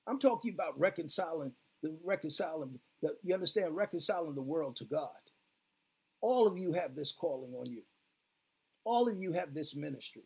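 A man's voice: on the high side, lively intonation, moderate pace, creaky, darkish tone, breathy edge. A man preaching a sermon as pastor, fervent, leading the congregation in call-and-response. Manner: fervent, repeats "glory be to God, hallelujah" with call-and-response.

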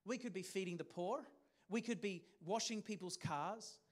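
A man's voice: high voice, moderate pace. A man preaching a sermon as pastor, talking in a conversational way and putting questions to the congregation.

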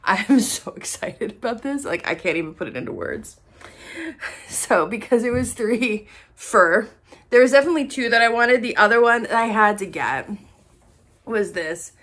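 Woman, chatty haul vlogger; slightly high voice, gushing and casual, swears freely. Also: animated, moderate pace, a bit bright. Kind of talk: casual chat to camera.

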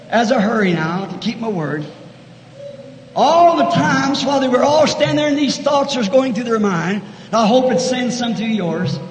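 A man preaching a fervent sermon, swinging from shouted lines to hushed asides in a large church. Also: very high-pitched. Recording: echoey 1960s church hall recording with faint noise.

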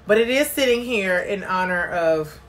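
A woman with a medium-pitched, expressive voice talks at a normal speed. She hosts a casual live stream, chatty and bubbly, greeting viewers by name and reading their comments out loud.

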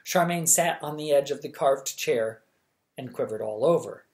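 Storybook narration, measured, even, bedtime reading. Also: mid-range voice. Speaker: audiobook reader.

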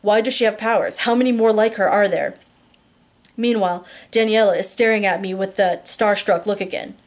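A woman reading a first-person novel aloud, steady with small slips and restarts. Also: medium pitch, a little fast. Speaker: audiobook reader.

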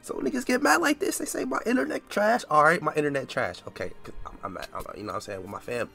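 Young man with lively, incredulous commentary. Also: medium pitch, very fast, gravelly, music in the background. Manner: incredulous, repeats himself, stammers. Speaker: gaming video creator. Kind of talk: casual gameplay commentary.

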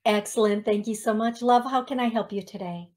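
A woman's voice: medium pitch, brisk, darkish tone. A woman hosting a radio call-in show as a psychic medium, talking in a chatty way with many restarts and ums.

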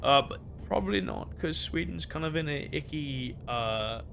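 A man's voice: a little high, animated, moderate pace, gravelly, background noise. A young man chatting casually while gaming, tipsy and rambling, swearing freely. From United States. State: drunk. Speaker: gaming streamer.

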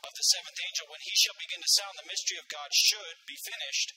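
A man's voice: very high voice, huge pitch swings, fast, creaky, sharp tone, no room sound, rough recording. A man preaching a sermon with fervor, repeating phrases for emphasis and punctuating with "amen" and "right?". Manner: calls out "amen" and asks "right?".

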